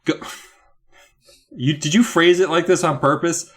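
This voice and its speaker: A man's voice: fairly high pitch, unhurried, slightly rough. Playful man reading with hammy drama. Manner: reads passages aloud with hammy dramatic flair; joking, playful storytelling. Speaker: podcast co-host. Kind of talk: casual comedic book recap.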